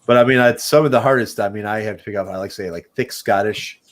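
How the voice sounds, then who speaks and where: A man's voice: lowish voice, fast. A man with a Midwestern American accent chatting casually as a podcast host, rambling, swearing and saying "dude". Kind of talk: casual chat.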